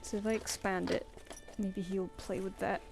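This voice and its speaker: A woman's voice: medium pitch, flat delivery, normal speed, vocal fry, background noise. A woman artist chatting casually on a live stream, rambling and self-deprecating, and talking to her pet between thoughts.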